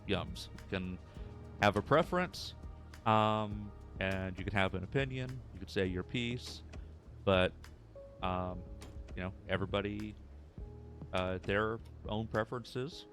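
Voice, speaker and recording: A man's voice: low voice, measured pace, a bit bright, faint music behind. A young man telling a casual story in a laid-back, rambling way, full of fillers. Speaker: streamer in a recorded clip.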